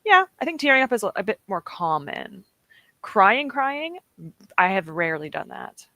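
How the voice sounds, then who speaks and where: A woman's voice: medium pitch, big pitch swings, normal speed, pushed and bright, no echo. Chatty young woman on a stream. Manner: chatty, giggly, reads out chat comments. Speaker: livestream host. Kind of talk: casual chat with viewers.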